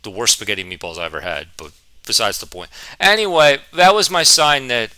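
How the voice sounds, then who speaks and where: Bright-voiced young man telling a story. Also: a little high, a little fast, smooth, no room sound. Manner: rambling, animated, self-mocking. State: a bit out of breath. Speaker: vlogger. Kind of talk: storytime vlog.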